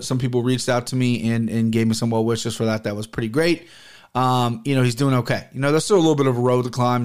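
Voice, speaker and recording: A man hosting his own podcast, talking casually in a rambling, excitable way and swearing often. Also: mid-range voice. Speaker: podcast host. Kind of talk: casual solo podcast talk. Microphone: camera and podcast mic.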